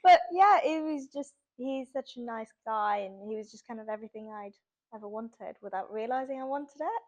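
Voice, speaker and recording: A woman's voice: fairly high pitch, moderate pace. A young adult woman, an author, chatting casually in an interview and laughing often. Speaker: author guest.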